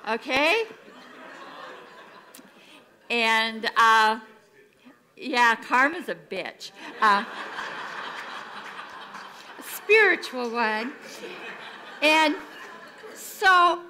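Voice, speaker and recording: Middle-aged lady preaching, bright voice, chatty and self-mocking, acts out her old lines. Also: a little high, lively intonation, very slow, long pauses. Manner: conversational and self-deprecating, acts out her own past lines. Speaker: minister. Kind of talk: sermon with personal storytelling.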